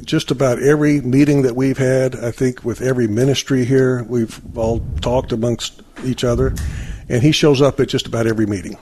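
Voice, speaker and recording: Hesitant volunteer. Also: male voice, medium pitch, fairly even intonation, brisk, warm tone, a little hiss or hum. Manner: hesitant, many fillers. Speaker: parish volunteer. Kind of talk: radio interview guest.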